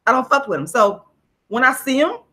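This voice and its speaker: A woman's voice: high-pitched, very animated, a little fast, pushed and bright. A woman, ranting on a casual livestream vlog, blunt and profane as she tells a story. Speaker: vlogger.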